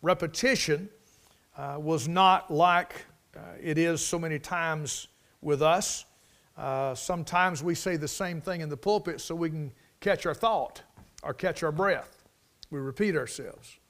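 Male preacher with a higher voice. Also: a little slow, fairly bright tone. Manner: preaching with rising emphasis and repetition; prayerful, lowered voice in prayer. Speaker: pastor. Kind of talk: sermon.

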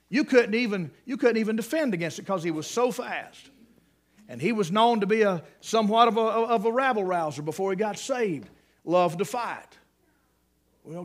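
A man preaching a sermon, emphatic and repetitive, swinging between loud and quiet. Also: high voice. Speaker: pastor.

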